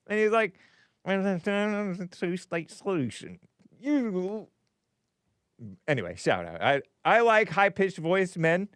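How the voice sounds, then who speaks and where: A man's voice: a little high, a bit bright, clear, resonant tone, dry recording, studio quality. A man hosting a rambling commentary show, talking casually with a wry, sarcastic edge. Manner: laughs at his own remarks. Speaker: host.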